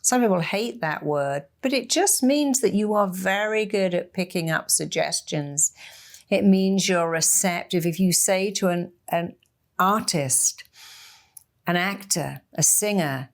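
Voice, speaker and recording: Expressive woman, slightly low voice. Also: unhurried. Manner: expressive, acts out inner voices in quotes. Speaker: hypnotherapist. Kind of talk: motivational talk.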